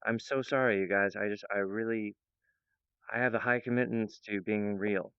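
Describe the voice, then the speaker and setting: A man speaks to his audience in a wandering, earnest monologue, full of fillers and restarts. His voice is smooth and resonant at an ordinary pitch. The recording is dry and somewhat dull. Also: steady tone, moderate pace, no echo. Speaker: presenter of his own project. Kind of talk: rambling monologue to viewers.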